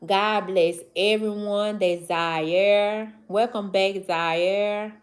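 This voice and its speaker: A woman's voice: medium pitch, steady tone. A woman in her forties from the American South with a Mississippi Southern accent, hosting a casual livestream and greeting viewers by name. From Southern United States. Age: 40s. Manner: drawling, slow, affectionate, shout-outs to viewers. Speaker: livestream host. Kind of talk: casual livestream chat reading comments.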